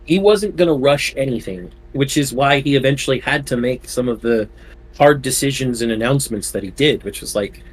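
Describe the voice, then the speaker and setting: A man co-hosting a casual gaming podcast, animated and quick to interject with counterpoints. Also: medium pitch, slight background noise. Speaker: podcast co-host.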